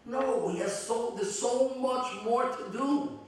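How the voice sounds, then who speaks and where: A middle-aged man, a rabbi, giving a heartfelt, halting eulogy with many restarts. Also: very high voice. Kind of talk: eulogy at a memorial gathering. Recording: very echoey hall from far off.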